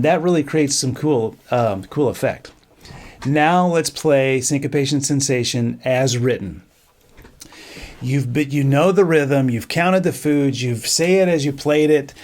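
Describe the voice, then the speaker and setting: A middle-aged band director teaching a music lesson, counting off beats and singing rhythms on syllables. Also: male voice, mid-range voice, a little mellow.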